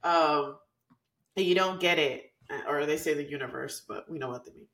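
A female podcast co-host tells stories in casual chat, animated and laughing often. Her voice is low, her pace moderate, and the room is echoey.

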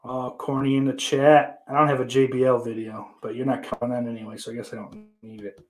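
A man streaming live and talking loosely to his chat. He rambles from one thing to the next, swears freely and jokes around at a middling pitch. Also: flat delivery, brisk. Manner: rambling, profane, loose and joking. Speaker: livestream host.

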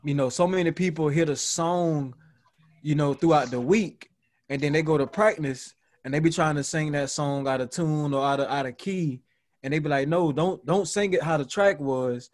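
A man hosting a casual group podcast, talking loosely with fillers and frequent laughter. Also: moderate pace. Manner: laughs a lot, jumps into high voices to mimic people. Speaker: podcast host.

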